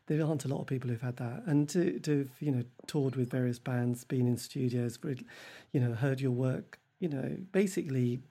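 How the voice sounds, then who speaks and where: A man hosts a loose interview over a video call, his voice husky and dark-toned. He rambles, circling back with fillers and half-finished restarts. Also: mid-range voice, normal speed. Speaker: podcast host interviewing a musician.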